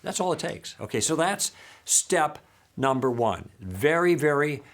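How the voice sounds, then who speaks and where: A man's voice: fairly high pitch, very animated, measured pace. A man teaching a lesson in a friendly, patient way, sometimes acting out sample lines.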